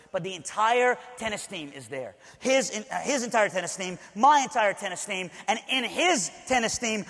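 A man's voice: sits high, a bit bright. A male preacher from Alabama telling a personal story in a sermon, talking conversationally with frequent asides to the audience. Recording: long hall reverb.

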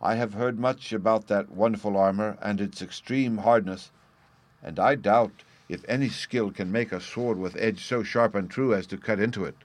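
A man's voice: lowish voice, steady tone, moderate pace, no echo, lightly acted. A man voicing a doubtful foreman of apprentices in a storybook reading.

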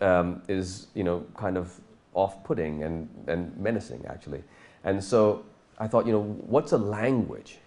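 A Pakistani author, his voice low and darkish in tone, gives a talk to an audience and takes questions. He explains things thoughtfully and at length, restarting often.

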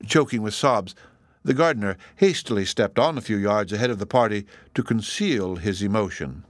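A man reading a storybook aloud as narrator in an expressive, measured way. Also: on the low side, no echo, clean studio sound.

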